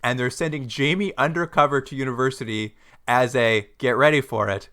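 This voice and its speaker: Man, podcast co-host, bright voice, animated, laughs a lot, casual recap chat. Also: mid-range voice, a little fast. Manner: animated, laughs often, jumps into mock quotes.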